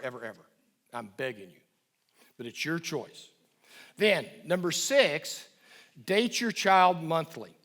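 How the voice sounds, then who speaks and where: A man's voice: fairly high pitch, vocal fry, fairly bright tone. Emphatic man speaking to an audience. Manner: emphatic, repeats key phrases slowly; asks the audience questions. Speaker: guest speaker on parenting. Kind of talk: live talk to an audience. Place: church hall.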